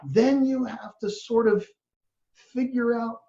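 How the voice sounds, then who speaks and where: A man giving a reflective spiritual talk as a teacher, gentle and earnest, sometimes acting out inner voices. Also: very high voice, steady tone, slow, creaky. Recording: roomy, dull lo-fi recording.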